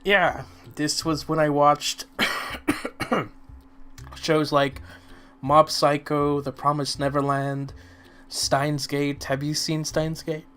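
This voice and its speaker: A man chatting casually as co-host, slightly hoarse, with a relaxed manner that trails off. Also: a little high, slow, faint music behind. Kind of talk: casual chat.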